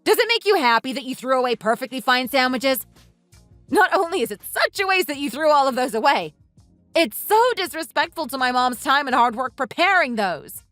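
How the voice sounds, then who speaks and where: A woman's voice: sits high, lively intonation, fairly quick, sharp tone, dry recording, faint music behind. A woman voicing an indignant young wife in a voiced texting story, scolding in an earnest, exasperated way. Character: indignant young wife defending her family.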